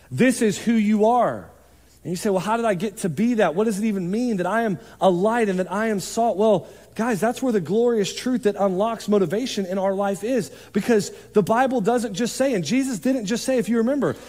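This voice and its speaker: Guy preaching a sermon, kinda high voice, casual lively delivery, long echo like a church hall. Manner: conversational preaching, animated, quick asides. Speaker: pastor.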